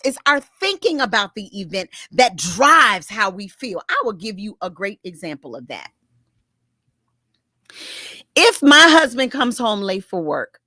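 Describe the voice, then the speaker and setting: Middle-aged lady pastor talking mental health, earnest, stumbles and repeats for emphasis, mid pitch, dry room. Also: pushed and bright, no echo. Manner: earnest, emphatic, repeats words when stressing points. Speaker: pastor and therapist. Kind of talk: teaching talk on faith and mental health.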